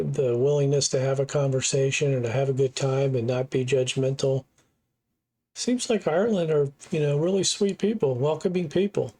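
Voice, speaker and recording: A man's voice: fairly high pitch, a little mellow. A middle-aged man from the United States hosts a reaction video with earnest, opinionated commentary. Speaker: reaction channel host. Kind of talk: casual commentary.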